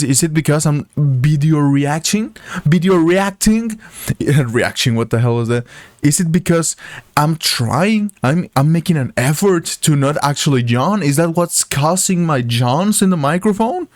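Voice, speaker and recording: A man's voice: on the high side, dry recording. A man hosting a reaction video, chatting casually and rambling with jokes and frequent laughter. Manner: rambling, joking, laughs often. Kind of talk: casual chat.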